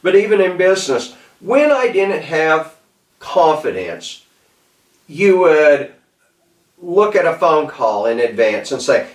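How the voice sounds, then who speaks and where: A man's voice: a little high, very animated, takes it slowly. A man with a Southern accent giving a casual, rambling talk on self-improvement, in a folksy way with many restarts. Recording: echoey room, mic at a distance.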